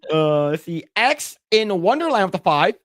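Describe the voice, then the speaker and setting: This man's voice is high, very animated, and a bit bright, at a moderate pace, captured dry with clean studio sound. Co-hosting a podcast, he chats through a meandering gaming story packed with fillers and laughing often.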